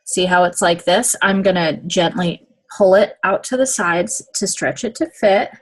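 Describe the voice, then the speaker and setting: A woman with a somewhat low voice speaks a little slowly. She's casually demonstrating how to apply nails step by step, chatting along and checking in frequently with "okay?"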